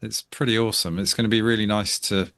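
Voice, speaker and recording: Fast-talking low-voiced man with dry humour. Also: steady tone, fairly bright tone. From South West England. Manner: dry self-deprecating humour. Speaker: podcast co-host. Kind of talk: casual chat.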